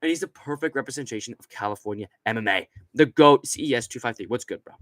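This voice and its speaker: A man's voice: mid-range voice, fast talker, a bit bright, dry recording. A young adult man hosting a live stream, rambling crudely in casual chat, laughing often and reading out chat messages. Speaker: streamer host.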